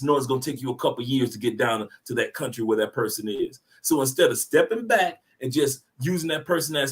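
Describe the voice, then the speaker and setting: A man co-hosting a casual discussion, animated and preachy, with slangy talk and repeated words. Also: a little high, brisk, few pauses.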